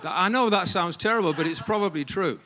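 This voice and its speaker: An English man giving a humorous storytelling talk to a staff gathering, animated and quick to laugh. His voice sits a little high and rings bright and forceful. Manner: animated, jokey, laughs often. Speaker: speaker at a ministry staff gathering.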